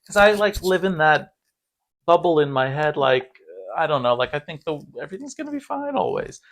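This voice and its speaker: A man's voice: a little high, very animated, brisk, fairly bright tone. A middle-aged man from the United States, talking candidly in casual conversation as a guest, rambling with fillers and laughs. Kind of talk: casual conversation about grief.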